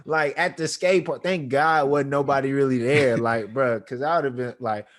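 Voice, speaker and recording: A man's voice: medium pitch, steady tone, moderate pace. A man in his thirties, co-hosting a podcast, telling a heartfelt family story in a slangy, emotional way full of fillers. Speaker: podcast co-host. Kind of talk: casual storytelling chat.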